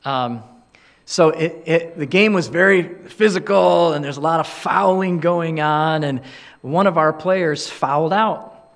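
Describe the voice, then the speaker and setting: Middle-aged male preacher, earnest and conversational, slightly higher voice, tells stories in his sermon. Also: unhurried, creaky. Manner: conversational, earnest, acts out quoted dialogue. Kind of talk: sermon with storytelling.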